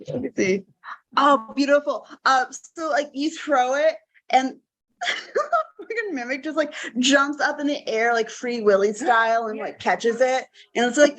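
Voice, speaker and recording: A woman's voice: high voice, a little slow. A young adult woman running a tabletop game as game master, giggly and swearing freely. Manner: giggly, expletive-laden, animated.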